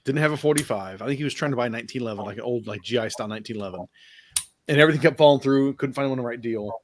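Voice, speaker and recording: A man's voice: mid-range voice, very fast. A man hosting a podcast, telling a long rambling story in casual chat, laughing easily and swearing now and then. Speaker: podcast host.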